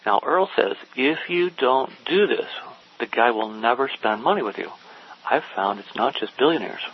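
A man casually telling a long anecdote, acting out the lines of the people in it. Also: medium pitch. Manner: animated, quotes people in dialogue. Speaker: storyteller guest. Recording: dull lo-fi sound with faint hiss.

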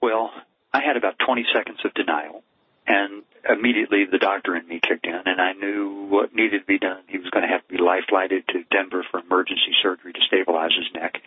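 A man's voice: deep voice, fairly even intonation, brisk, slight background noise. A middle-aged man, a cardiologist guest, telling a personal story in an earnest, heartfelt way. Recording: tinny phone line, dry.

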